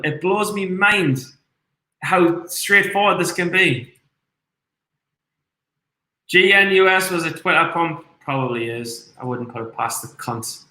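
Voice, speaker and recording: Foul-mouthed trader, bright tense voice. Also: male voice, high-pitched, measured pace. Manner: swears constantly, excitable, reads chat aloud. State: tipsy from red wine. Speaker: day trader streaming live. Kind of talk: live trading commentary. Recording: echoey room.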